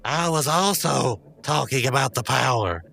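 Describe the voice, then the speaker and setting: A woman's voice: very deep voice, expressive, unhurried, vocal fry, fairly bright tone. A woman co-hosting a podcast, improvising a comedy sketch in a rambling, flustered way. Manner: rambling, flustered comic delivery. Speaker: podcast co-host.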